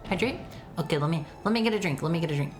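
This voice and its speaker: A woman's voice: on the low side, animated, rapid-fire. A woman streaming a retro game and chatting casually with viewers, often stammering and repeating her words. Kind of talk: casual chat while playing a retro game. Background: faint game music.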